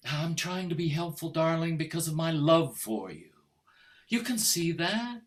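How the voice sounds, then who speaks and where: A man's voice: a little high, animated, slow. An older man playing a cold, formal husband, on a video call, speaking with precise diction and sarcastic menace. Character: stiff, icy English husband Richard, middle-aged. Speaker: stage actor. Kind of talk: stage play reading over video call.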